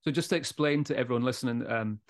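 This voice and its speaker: A Scottish man hosts a casual whisky podcast with loads of energy. He jumps in loud and upbeat, laughs easily and drops the odd swear word. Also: mid-range voice, fast. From Scotland. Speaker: podcast host. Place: Speyside, Scotland.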